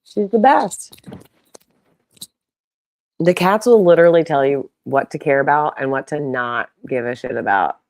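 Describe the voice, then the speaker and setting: A young woman live-streaming from home, chatting casually and playfully, often slipping into baby talk for her cats. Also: sits low.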